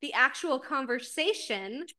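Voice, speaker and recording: Animated laughing woman podcast host. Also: high-pitched, unhurried. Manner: animated, acts out characters' lines, swears and laughs often. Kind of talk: casual book chat.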